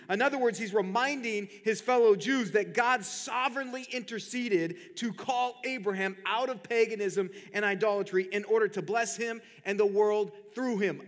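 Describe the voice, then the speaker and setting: A man's voice: sits high, a bit bright. A man preaching a sermon as pastor, talking conversationally with many repeated fillers and restarts, and laughing often. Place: church hall. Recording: long reverb of a church hall.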